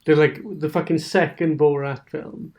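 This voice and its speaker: A man's voice: fairly high pitch, little pitch movement, moderate pace, a little mellow. A man talking as a podcast guest in a rambling, sweary way, laughing between his points. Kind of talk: casual podcast chat.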